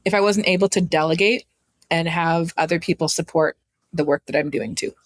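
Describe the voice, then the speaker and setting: A woman in her thirties from Canada, telling her story in a chatty, animated way as a guest on an interview podcast. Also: deep voice, fairly quick, dry recording. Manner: animated, chatty, acts out quoted voices. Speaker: guest entrepreneur.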